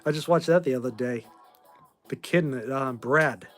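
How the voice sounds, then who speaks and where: Soft music underscores a man's medium-pitched, slightly bright voice at normal speed. He's the host of a casual livestream, a Bostonian in his forties who answers viewers' questions offhandedly, wandering off topic and offering frank opinions.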